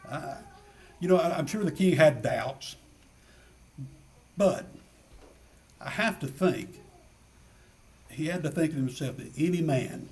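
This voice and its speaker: Earnest higher-voiced male preacher. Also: a little mellow, distant mic. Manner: earnest, asks many rhetorical questions and repeats key phrases. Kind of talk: sermon.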